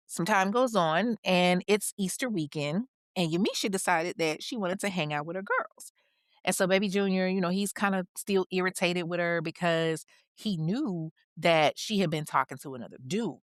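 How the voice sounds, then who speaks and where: A woman's voice: on the low side, moderate pace, no room sound, studio quality. A woman hosting a podcast, telling a true crime story in a casual, slangy way with chatty asides.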